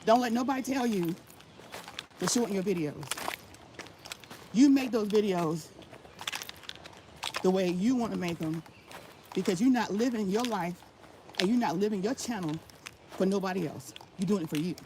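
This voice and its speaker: Over background noise, a vlogger with a mid-range voice walks laps and talks at a moderate pace, pausing at length. Her channel tips come across as casual motivational talk, emphatic and repeated for stress.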